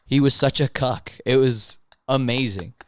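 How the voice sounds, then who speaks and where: A man's voice: mid-range voice, a little slow, no echo, studio quality. A young man in his twenties, hosting a casual podcast chat and telling work stories in a mocking, profane way. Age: 20s. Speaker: podcast host.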